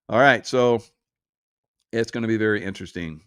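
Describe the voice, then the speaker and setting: A man's voice: on the low side, normal speed, a bit bright, clear, resonant tone, no echo, studio quality. A man hosting casual political commentary, sarcastic and mocking, chuckling often as he reads and reacts.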